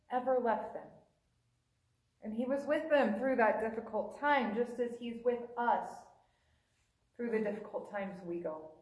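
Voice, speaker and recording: A woman's voice: a little high, darkish tone, echoey room, rough recording. A woman preacher giving a sermon, retelling a scripture story in a conversational way and briefly acting out the quoted lines. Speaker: pastor.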